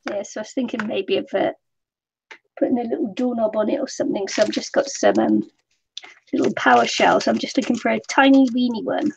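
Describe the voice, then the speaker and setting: A woman's voice: a little high, brisk, creaky, slight background noise. A British woman, co-host of a craft livestream, chatting casually and reading out chat comments while she works. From Britain. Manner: relaxed, chatty, reads chat comments aloud. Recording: dull lo-fi stream audio.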